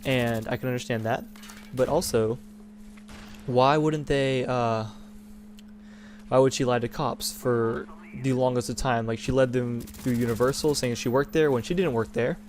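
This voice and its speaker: A man's voice: medium pitch, fairly even intonation, moderate pace, darkish tone, a little hiss or hum. Indignant young man ranting casually. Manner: rambling, indignant, full of restarts. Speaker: gaming channel host. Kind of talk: casual opinion rant over gameplay.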